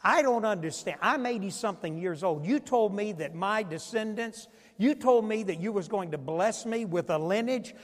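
A man's voice: high-pitched, animated, normal speed, hardly any pauses, in a large hall. A preacher acting out an elderly man in his eighties who pleads with God in confusion. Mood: pleading.

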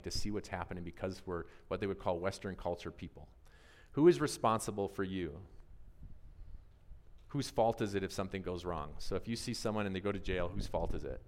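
A man preaching a conversational sermon, animated and always asking his listeners questions. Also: lowish voice. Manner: animated, asks the audience questions, often adds "right?". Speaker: pastor. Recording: long reverb of a large hall.

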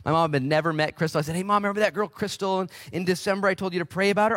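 A man in his forties preaching a sermon as pastor, animated and jumping into high voices to act out the people he quotes. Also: very fast, few pauses.

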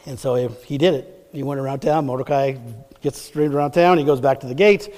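A man's voice: mid-range voice, steady tone, a little fast, a little mellow, in a large hall. A man preaching a sermon, retelling a Bible story in a casual, rambling way that often corrects itself. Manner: chatty, rambling, self-correcting.

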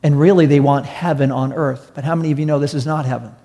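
A man preaching a sermon in a fairly high voice. He talks to the congregation conversationally, repeats his words and keeps asking rhetorical questions. A long reverb trails behind him in a church hall. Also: fairly even intonation, quick pace, warm tone. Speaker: pastor.

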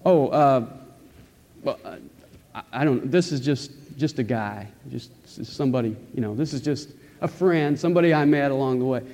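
Flustered, stammering man trying to play down a friend, as a pastor puts him on, mellow tone, long church-hall echo. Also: medium pitch, moderate pace, natural voice. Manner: hesitant, stammering, trailing off.

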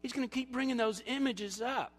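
A male pastor preaching a sermon, animated and storytelling, acting out quoted voices, then dropping to quiet appeals. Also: very high voice, a little fast, long reverb tail, soft background music.

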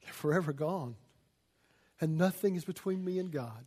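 A man preaching a sermon as a pastor, folksy and swinging from loud emphasis to hushed asides. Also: on the high side, moderate pace, breathy edge.

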